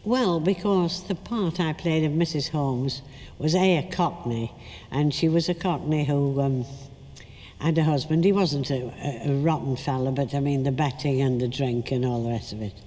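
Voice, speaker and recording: An older actress telling lively stories about her career in an interview, acting out what people said. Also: deep voice, normal speed, in a large hall. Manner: chatty anecdotal, acts out quotes. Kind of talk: storytelling interview.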